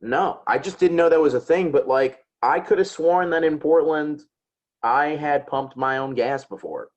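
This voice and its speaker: A man's voice: on the high side, normal speed, highs cut off. A young man from Chicago, a comedian guest, telling laid-back, self-deprecating stories in casual chat. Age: young adult.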